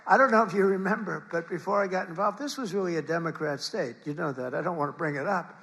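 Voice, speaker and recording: A man's voice: fairly high pitch, fast, hardly any pauses, fairly bright tone. Older man rambling at a rally podium. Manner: rambling, repetitive, boastful asides. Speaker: politician giving a rally speech. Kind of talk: campaign rally speech. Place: large event hall with crowd. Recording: live rally with crowd noise. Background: crowd and ambient noise.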